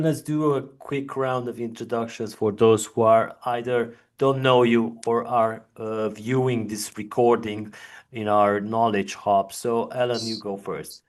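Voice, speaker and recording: A man's voice: medium pitch, steady tone, a little slow. A man moderating a virtual industry panel from an office, chatty and prone to restarting his sentences. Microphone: video call.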